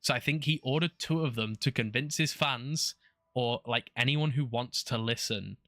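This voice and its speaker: A man's voice: mid-range voice, moderate pace, sharp tone, dry recording, studio quality. A man streaming, chatting casually, swearing and repeating himself. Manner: cursing, exasperated, repeats himself.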